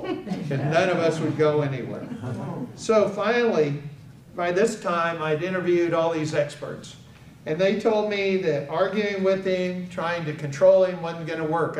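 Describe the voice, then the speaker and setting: A man's voice: fairly high pitch, a little hiss or hum. A man, a guest speaker and author, telling a personal story at an event and acting out the dialogue. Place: indoor event hall. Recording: echoey hall, far from the mic.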